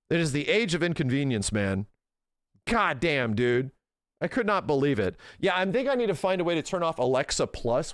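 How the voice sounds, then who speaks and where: A man's voice: a little high, no echo, clean studio sound. A man in his thirties chatting casually to his stream viewers, ranting in an exasperated way and swearing often.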